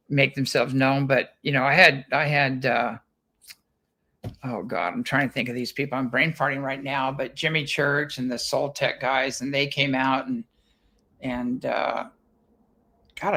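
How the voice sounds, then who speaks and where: A man's voice: mid-range voice, sharp tone. A man from the United States, a guest who founded a ranch, chatting casually and telling rambling stories in which he repeats words and acts out what others said. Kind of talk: casual chat, anecdotal storytelling.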